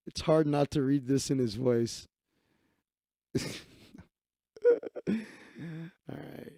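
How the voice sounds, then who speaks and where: A man's voice: on the high side, big pitch swings, slow, vocal fry, long pauses, darkish tone, slightly rough, no room sound, studio quality. A man hosting a casual livestream, chatting in a rambling, profane and offhand way as he reads through his social feed. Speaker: livestream host.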